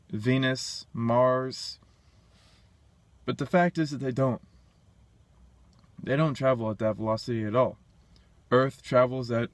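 Speaking at medium pitch with no echo, a male independent science commentator burps his way through a casual solo monologue. He's blunt and dismissive, restarting sentences as he thinks aloud.

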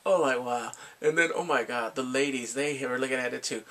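A man recapping a drama in casual chat, excitable, often laughing and sighing as he acts out the characters' lines. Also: medium pitch, brisk. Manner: excitable, quotes characters in lively voices, laughs and sighs often. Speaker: drama reviewer.

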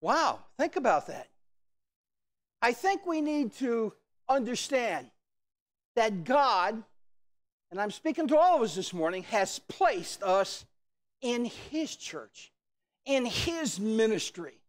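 A man preaching a church sermon in a strikingly high voice, driving his points home with force. He swells into shouted declarations, then drops back to a measured, steady delivery. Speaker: pastor.

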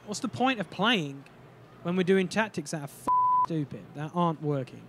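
A man's voice: high-pitched, wildly swooping pitch, normal speed, heavy background noise. A young man narrating his hockey video game, ranting and swearing in frustration at his teammates. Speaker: gaming channel host. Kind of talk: gameplay commentary.

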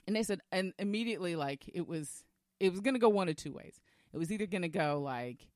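A woman co-hosting a podcast, telling a story in a lively, assertive way in casual conversation. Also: lowish voice, fast talker, no room sound, studio quality. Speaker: podcast co-host.

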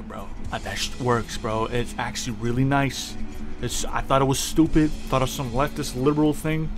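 A man hosting a reaction commentary, talking casually with mocking jokes, slang and swearing. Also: medium pitch. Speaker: commentary host. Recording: background music under the voice.

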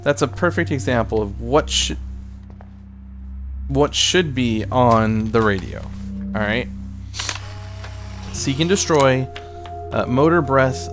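A man's voice: medium pitch, takes it slowly, pauses often, faint music behind. A man playing a video game and chatting casually, rambling between his own remarks and the game. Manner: rambling, chatty, mock Russian accent at times. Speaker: gaming streamer. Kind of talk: let's play commentary.

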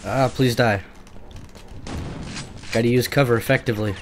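A man's voice: medium pitch, steady tone, normal speed, a little hiss or hum. A young man giving nervous, swearing commentary while playing a creepy shooter game, often talking back to the monsters. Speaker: gameplay commentator. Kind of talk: let's play commentary.

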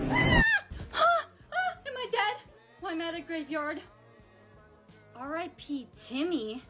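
A high, bright woman's voice chats through a storytime narration with dramatic flair, over faint background music. She talks casually and expressively.

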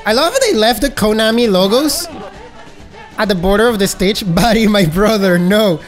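A man giving excitable gameplay commentary as a gaming YouTuber, breaking into high yelps and laughter. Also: moderate pace, soft background music.

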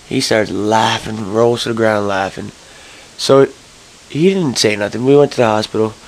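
A young man telling a rambling story to camera, early in the morning, swearing and jumping to high yelps when he gets excited. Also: gravelly, rough recording. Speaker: vlogger.

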